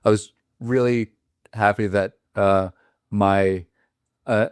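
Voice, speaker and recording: A man with a very low, deep voice hosts a relaxed interview show and tells a story in a loose, meandering way. His voice is recorded close and dry, with no room sound. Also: slow pace, clear, resonant tone, no room sound. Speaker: podcast host. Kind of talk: casual interview.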